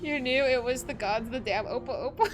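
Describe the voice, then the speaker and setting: A woman streaming a game, reacting with excitable, laughing, emotional outbursts. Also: a little high, fairly quick, music in the background. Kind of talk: casual gameplay livestream.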